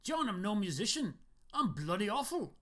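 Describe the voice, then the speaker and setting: A man's voice: sits high, sing-song, moderate pace, sharp tone, voice pushed up, heavily acted. A man voicing a dry, teasing middle-aged male artist with a Scottish accent, reading from a story. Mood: scoffing. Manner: wry, scoffing.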